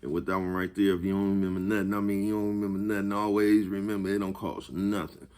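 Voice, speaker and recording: A vlog host with a deep, slightly mellow voice and a clean tone talks fast in a level way. He delivers a casual motivational monologue full of profanity, chuckling a lot and repeatedly asking whether you follow him.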